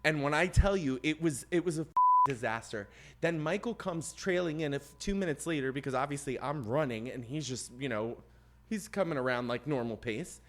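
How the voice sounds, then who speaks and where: There's slight background noise behind this fairly quick, higher-pitched man. He's a podcast co-host recounting a long personal story in easygoing talk, animatedly voicing the other people in it and getting loud as it reaches its climax.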